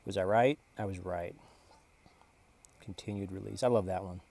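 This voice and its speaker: A man's voice: deep voice, normal speed, creaky, dark tone. A man narrating a casual vlog as he shows off his photographs, boastful, rambling and full of exclamations. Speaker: photographer showing his prints.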